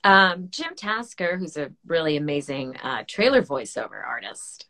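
A woman's voice: sits low, big pitch swings, moderate pace, bright, forceful tone. A woman hosting a casual interview and reading out viewer questions, friendly and hesitant, with many fillers. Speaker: podcast host.

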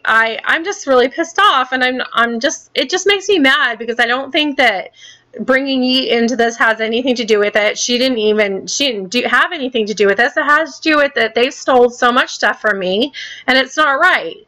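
This is a woman ranting on her own vlog, angry and swearing as she keeps repeating herself. Her voice sits a bit high and comes across bright and forceful. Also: normal speed. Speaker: gaming channel host.

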